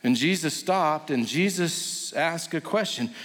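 Male pastor, high voice, dynamic sermon delivery, long hall reverb. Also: animated, moderate pace, few pauses, fairly bright tone. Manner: dynamic preaching, rising and dropping to near whisper.

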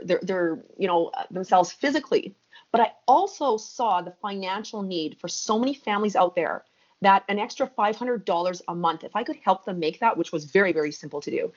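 A woman's voice: mid-range voice, muffled recording. A woman guest on a podcast interview, talking emphatically and with energy, full of fillers.

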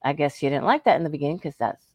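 A woman's voice: deep voice, expressive, very fast, no room sound, studio quality. A woman co-hosting a talk show who chats openly and animatedly about her own experience, acting out what others said to her. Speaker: co-host. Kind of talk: candid personal storytelling.

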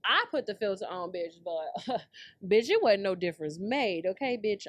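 A woman hosting her own podcast in brash, profane casual commentary, dropping to low mutters and then breaking into loud, high outbursts. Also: expressive, normal speed, no room sound. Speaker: podcast host.

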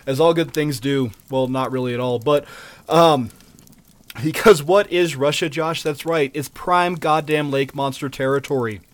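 A man's voice: fairly high pitch, moderate pace. Joking, profane male podcast host. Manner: loose, profane, joking with lots of fillers. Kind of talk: casual chat, storytelling.

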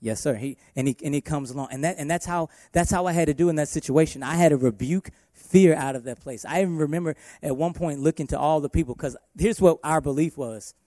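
Male worship pastor preaching, emphatic delivery, mellow tone, close dry sound. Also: fairly high pitch, quick pace, few pauses, no room sound. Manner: emphatic preaching with shifting loudness. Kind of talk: sermon.

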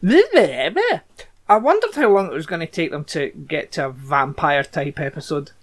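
Scottish male podcast host, high-pitched, deadpan recapper with blunt asides. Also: measured pace. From Scotland. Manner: dry, blunt, sweary asides. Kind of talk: casual podcast chat, reading plot recaps.

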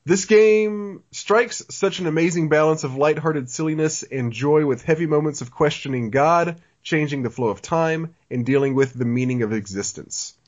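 A man's voice: a little high, normal speed, few pauses, dull audio. A man co-hosting a casual podcast, laughing often and reading a listener email aloud. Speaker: podcast co-host.

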